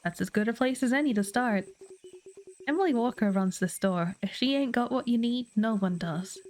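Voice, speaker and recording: A woman's voice: a little high, moderate pace, darkish tone, a little hiss or hum, natural voice. A woman reading aloud the lines of a friendly frontier wagon guide from a game, in her own plain voice without an accent.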